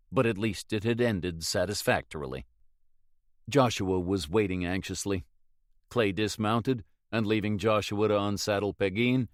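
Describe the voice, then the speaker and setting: Low, dry-voiced male audiobook narrator. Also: dry recording. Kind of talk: scripted narration.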